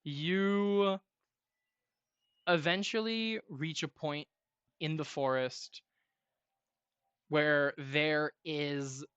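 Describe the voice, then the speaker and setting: A game master narrating a tabletop game in halting, filler-heavy descriptions. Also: mid-range voice, a bit bright, clear, resonant tone, no room sound, highs cut off.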